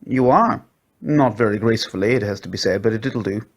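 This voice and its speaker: A man's voice: on the low side, brisk, close to an everyday voice. Storybook unicorn: a male creature, blunt and tactless, dry matter-of-fact delivery, read by a man.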